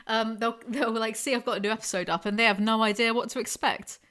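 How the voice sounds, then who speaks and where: Chatty bright-voiced young woman. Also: fairly high pitch, fairly even intonation, quick pace. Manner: chatty, rambling, self-deprecating with frequent laughs. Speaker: podcast host. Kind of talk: casual podcast chat.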